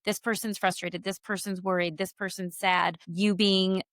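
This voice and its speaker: A woman's voice: medium pitch, level tone, normal speed, fairly bright tone, no echo, clean studio sound. A woman in her thirties, a mother hosting a casual chat with her daughter, explaining herself at length with lots of fillers. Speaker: mother and podcast host. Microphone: table mic.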